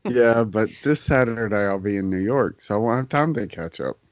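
A man co-hosting a podcast in casual chat, telling stories with laid-back, dark humor. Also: fairly low pitch, moderate pace, dry recording, highs cut off. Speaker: podcast co-host.

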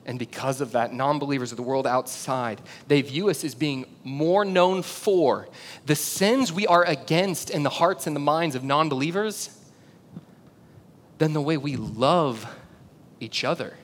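A male pastor giving a sermon, telling a story with big swings from loud shouts to low, quiet emphasis. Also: a little slow. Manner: animated storytelling, builds to shouts then drops low and intimate. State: out of breath. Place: church auditorium. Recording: long hall reverb, faint rumble.

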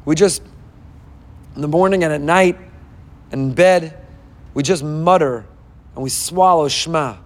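A man's voice: on the high side, unhurried, long pauses. A man giving an impassioned sermon as a rabbi, firing off rhetorical questions and weaving in Hebrew phrases. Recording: long hall reverb.

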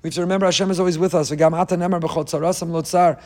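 A man's voice: on the high side, steady tone, racing, darkish tone. A middle-aged man giving an impassioned sermon, asking rhetorical questions and quoting Hebrew texts. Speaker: rabbi giving a Torah class.

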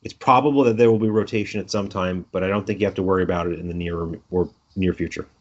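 A man's voice: sits low, steady tone, quick pace. Brooklyn man answering interview questions. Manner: thoughtful, restarts mid-phrase, joking asides. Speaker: game designer being interviewed. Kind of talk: conversational interview. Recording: lo-fi audio.

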